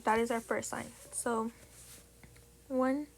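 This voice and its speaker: A young woman tutors math casually over a tablet screen, chatty and swearing, often slipping into a whisper as she works out numbers. Her fairly high voice is steady in tone, slow, and creaky.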